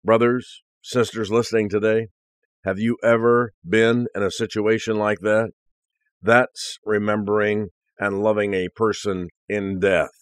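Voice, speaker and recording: A man's voice: fairly low pitch, flat delivery, a little slow, dry recording, studio quality. A male preacher earnestly reading a first-person story aloud as part of a sermon.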